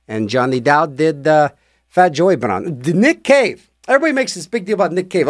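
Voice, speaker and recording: A man's voice: a little high, very animated, normal speed. A male radio DJ back-announcing songs in casual, rambling patter, jokey and full of restarts.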